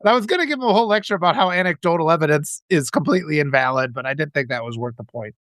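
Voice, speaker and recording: A man hosting a live video, telling rambling, animated anecdotes full of restarts. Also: on the high side, very fast, no room sound, clean studio sound. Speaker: live-stream host. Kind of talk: casual storytelling on a live video.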